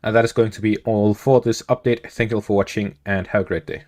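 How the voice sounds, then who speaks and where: A man delivering a spoken news analysis update in a steady, measured way. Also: lowish voice. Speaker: news commentator.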